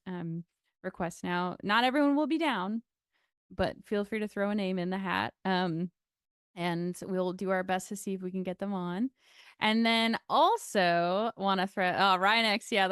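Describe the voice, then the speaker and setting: A woman hosting a casual livestream chat, bubbly and quick to laugh. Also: mid-range voice, fairly bright tone, clear, resonant tone, no room sound, studio quality. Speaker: stream host.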